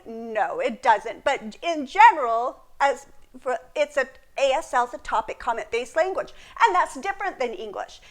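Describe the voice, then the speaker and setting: A woman's voice: high voice, a bit bright. A woman teaching a beginner sign language lesson in a chatty, explaining way, with frequent laughs. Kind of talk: casual video lesson.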